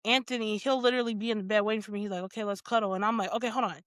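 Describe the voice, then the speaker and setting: A woman hosting a podcast in casual chat, animated and laughing often, acting out little quotes. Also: medium pitch, racing, no echo, studio quality. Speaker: podcast host.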